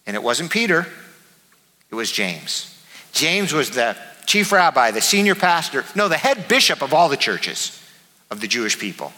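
A man preaching a sermon as pastor, emphatic, repeating his key words and swinging between soft and loud. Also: a little high, very animated, moderate pace, in a large hall, poor audio.

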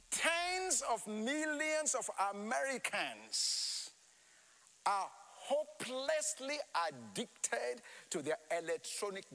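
A man preaching a sermon, emphatic and animated, with many rhetorical questions. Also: high-pitched, in a large hall, rough recording.

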